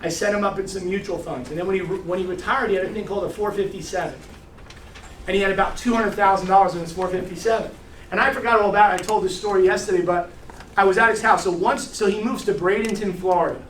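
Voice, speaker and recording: A middle-aged man giving an energetic, salty sales training talk to a room, full of stories. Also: sits high, quick pace, distant mic. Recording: echoey room recorded from afar with faint hiss.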